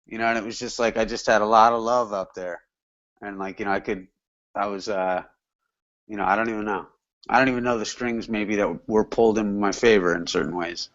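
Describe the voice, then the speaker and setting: A man's voice: fairly low pitch, steady tone, fairly quick, a bit bright, muffled recording. A man from England in a casual chat, rambling and slangy with lots of fillers. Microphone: video call.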